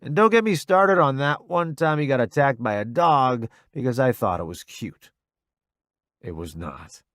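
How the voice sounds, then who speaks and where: A man narrating a first-person romance audiobook in an expressive, intimate way. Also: medium pitch, moderate pace, no room sound, studio quality.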